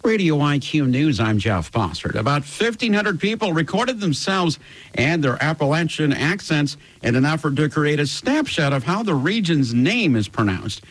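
A man hosting a local radio morning show, reading news and the weather forecast in a steady, easygoing way. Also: fairly high pitch, moderate pace, no echo, poor audio.

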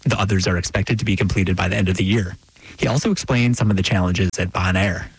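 Low, husky-voiced male news reporter. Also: no room sound, poor audio. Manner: measured, even report delivery.

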